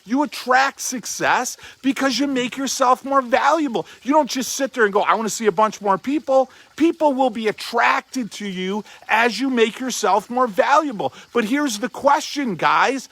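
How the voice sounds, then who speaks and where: Male coach, emphatic and repetitive, high ringing voice, dry close sound. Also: fairly bright tone, no room sound. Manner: emphatic, repetitive, swears casually. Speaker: chiropractic coach. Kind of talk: motivational talk.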